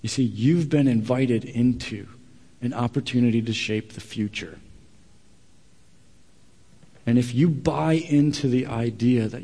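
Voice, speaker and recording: A man delivers a sermon in a large church hall, his voice trailing into a long reverb. He tells the story with animated, acted-out dialogue, then drops into quieter, earnest asides to the congregation. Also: mid-range voice, measured pace, pauses often, husky. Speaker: pastor.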